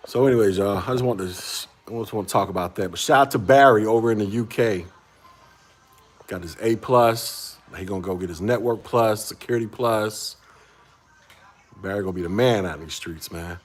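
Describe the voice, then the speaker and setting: Husky-voiced man in his forties, chatting. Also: fairly low pitch, normal speed, faint music behind. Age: 40s. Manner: laid-back, chatty, laughs often, talks to viewers. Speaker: IT livestream host. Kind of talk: casual livestream chat.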